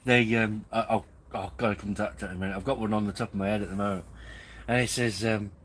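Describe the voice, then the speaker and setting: A man's voice: on the low side, fairly even intonation, fast talker, a bit bright, a little hiss or hum, low-quality recording. A man hosting a live camping stream, chatting casually in a rambling way and chuckling often. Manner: rambling, chuckling, easily amused. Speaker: camping livestream host. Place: outdoors at a campsite.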